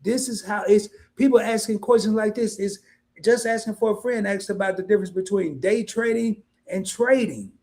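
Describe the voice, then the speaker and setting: A man's voice: normal speed, a little mellow. A man hosting an investing livestream in a casual, colloquial way, addressing viewers directly as "y'all". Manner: mimics worried investors in high voice.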